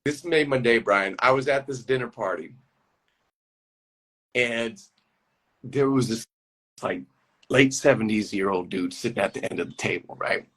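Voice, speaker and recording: A man's voice: medium pitch, unhurried, pauses often, a bit bright. A man, an actor, chatting casually as a guest on a live phone call, telling stories in a rambling way with many restarts.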